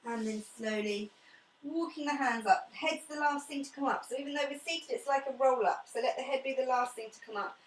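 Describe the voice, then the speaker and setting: A woman leading a home pilates class, talking through stretches and breathing cues in a calm, chatty way. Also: sits high, fairly quick, far from the mic. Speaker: pilates instructor. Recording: echoey room, away from the mic.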